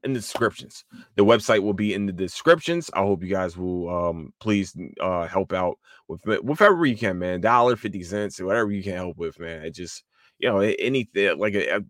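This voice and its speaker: Male podcast host, low voice, dry close sound; loose, swearing, excitable, stumbles and restarts a lot. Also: no room sound. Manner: excitable, profane, many restarts and fillers. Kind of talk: casual solo podcast talk.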